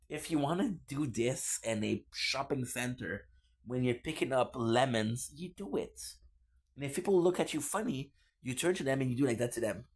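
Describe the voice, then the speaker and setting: A man's voice: mid-range voice, expressive, normal speed. Playful man teasing his chat. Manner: playful, teasing, repeats phrases. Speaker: live streamer reading chat. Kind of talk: casual chat with viewers.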